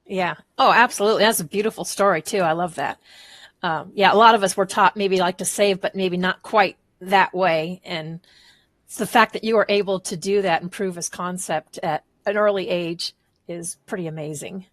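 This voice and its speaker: A woman's voice: lowish voice, moderate pace, fairly bright tone, no echo. A woman hosting a podcast interview, asking open questions and affirming her guest's answers. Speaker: podcast host.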